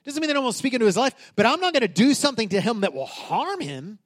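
A man's voice: very high-pitched, very animated, quick pace. A man in his thirties, a pastor preaching a sermon in a casual, emphatic way, often restarting his sentences.

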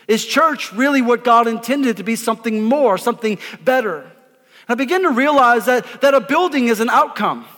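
A man, a pastor preaching an energetic sermon, emphatic and repeating words as he calls on the congregation to answer. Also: extremely high pitch, normal speed. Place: church auditorium before a congregation. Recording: live in a reverberant hall.

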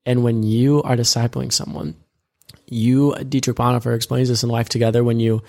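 A man with a gravelly, creaky edge in a mid-range voice, talking through faith in a loose, conversational way. He rambles, corrects himself, and retells scripture scenes in plain everyday words. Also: mid-range voice, little pitch movement, normal speed, a little mellow. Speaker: co-host of a discipleship podcast. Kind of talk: casual faith discussion.

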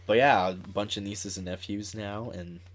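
A man's voice: lowish voice, fairly even intonation, normal speed, a crowd in the background. A young man chatting as a podcast guest, rambling and self-mocking with lots of fillers. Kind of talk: casual chat.

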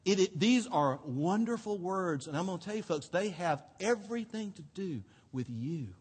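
High-voiced, animated man preaching. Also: moderate pace, husky. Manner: expressive storytelling, swinging between hushed and emphatic. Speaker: pastor. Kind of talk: sermon. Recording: long hall reverb.

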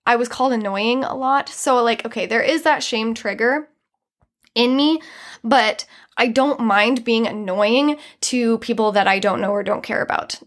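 A young woman hosts her podcast solo, talking in an earnest, chatty way that is full of fillers. Her voice sits a little high for a woman. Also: fairly bright tone. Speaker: podcast host. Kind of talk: casual solo monologue.

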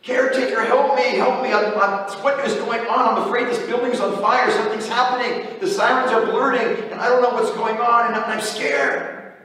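A man's voice: extremely high pitch, steady tone, moderate pace, bright, forceful tone, recorded from a distance, voice pushed up. A man voicing a panicked, disoriented man who stammers as he cries out for help. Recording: echoey church hall from afar.

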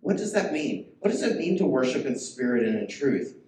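A man's voice: mid-range voice, sing-song, a little fast, a little mellow, a little hiss or hum. A man preaching a sermon as pastor, talking in a conversational way and putting questions to the congregation. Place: church sanctuary. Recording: echoey church room, faint ambience.

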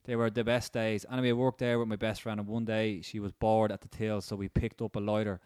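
A man's voice: lowish voice, flat delivery, fast, darkish tone, clean tone, dry recording, clean studio sound. A man in his thirties with an Irish accent, co-hosting a podcast, reading listener stories with easygoing quips. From Ireland. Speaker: podcast co-host. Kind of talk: casual chat.

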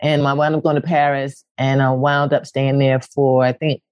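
A woman's voice: normal speed, dry recording, muffled recording. A woman from West Philadelphia, a poet and actress, telling stories candidly as a guest and acting out quotes with big leaps in her voice. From West Philadelphia, USA. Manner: animated, acts out quotes with big pitch leaps, casual swearing. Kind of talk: candid storytelling conversation.

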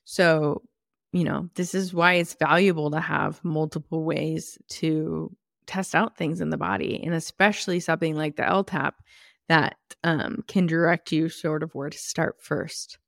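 A woman's voice: low-pitched, creaky, no room sound. Casual woman podcaster, dry close sound. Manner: casual, self-correcting, emphatic. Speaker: podcast host and clinician. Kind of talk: solo podcast talk.

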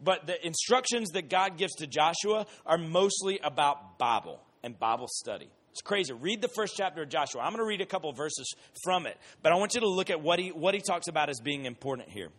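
A Bible teacher with a fairly high-pitched voice leads a casual, conversational lesson, shifting between lively everyday examples and slow, emphatic repetition, like an informal sermon.

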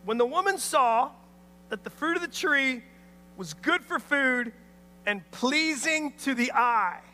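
A man preaching a sermon, an animated storyteller who acts out voices and calls out to the crowd. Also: very high voice, takes it slowly, big-room sound. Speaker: pastor.

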